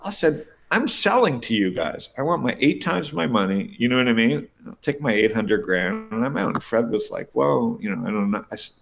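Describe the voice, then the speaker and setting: A middle-aged man, a venture investor, telling stories casually in an interview, animated and profane, acting out the people he quotes. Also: mid-range voice, brisk, vocal fry, few pauses, slight background noise.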